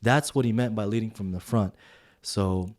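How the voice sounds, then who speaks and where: A man's voice: fairly low pitch, moderate pace. A young adult man co-hosting a podcast, telling a story in casual chat and acting out the dialogue with lots of filler words. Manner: animated, acts out quoted dialogue with filler words. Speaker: podcast co-host.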